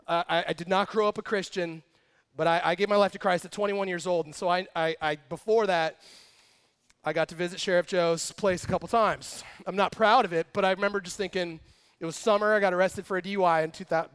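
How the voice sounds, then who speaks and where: A young man preaching a casual, lively sermon, joking and acting out quotes as he tells a story. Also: high voice, clean tone. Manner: animated, jokey storytelling with acted quotes. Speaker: pastor.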